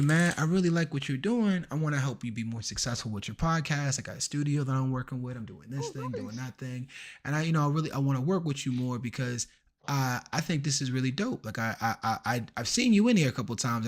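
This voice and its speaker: A man streaming a game, chatting casually and acting out the people in his stories in an animated way. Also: medium pitch. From Washington, DC area. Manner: animated, acts out quoted people. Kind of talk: casual storytelling while gaming.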